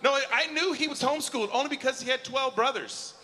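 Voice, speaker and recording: A man's voice: very high voice, fast, pushed and bright, a little hiss or hum. A man in his forties doing a stand-up comedy set, chatty and self-mocking, often asking the crowd if they follow him. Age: 40s. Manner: chatty, self-mocking, keeps asking the crowd "you know what I'm saying?". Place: large auditorium at a live show. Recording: hall reverb from a live venue.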